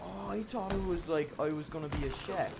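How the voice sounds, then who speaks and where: A man's voice: on the high side, a little fast, creaky, background noise. A man chatting casually and a bit puzzled while playing a game. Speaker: let's play player.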